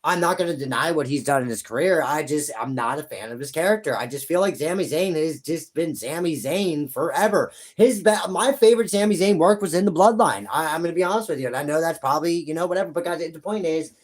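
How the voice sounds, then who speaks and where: A man's voice: fairly high pitch, lively intonation, fast talker, hardly any pauses. Heated, cursing young man ranting. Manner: profane, heated, rambling with many restarts. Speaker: YouTube wrestling commentator. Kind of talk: ranting vlog commentary.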